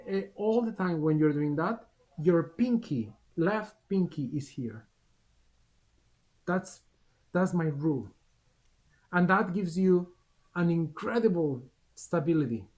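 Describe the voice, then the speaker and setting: A man's voice: on the high side, expressive, a little slow, pauses often, darkish tone. A male clarinet teacher giving a masterclass over a video call, with short encouraging instructions between demonstrations. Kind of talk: masterclass coaching.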